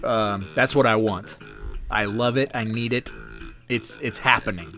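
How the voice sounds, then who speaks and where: A man co-hosting a podcast in casual chat, playful and quick to laugh. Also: on the low side, pushed and bright. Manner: laughs a lot, playful and loose. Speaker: podcast co-host.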